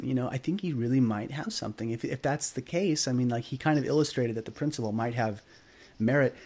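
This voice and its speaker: Guy in his 30s on a podcast, chatty storytelling, acts out the dialogue, lots of "you know", mid pitch. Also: fast talker. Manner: animated, acts out quoted dialogue, lots of fillers. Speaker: podcast guest. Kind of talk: casual storytelling.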